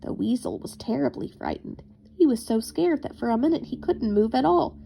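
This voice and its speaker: A woman reading a children's bedtime story aloud in a gentle, expressive storytelling manner. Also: fairly high pitch, moderate pace, gravelly, a little hiss or hum.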